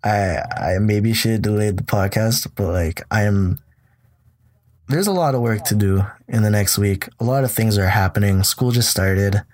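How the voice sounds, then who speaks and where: A man's voice: fairly low pitch, normal speed, a little mellow. A tired young man hosting a podcast, telling a long rambling story in casual, profane chat. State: tired from lack of sleep. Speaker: podcast host.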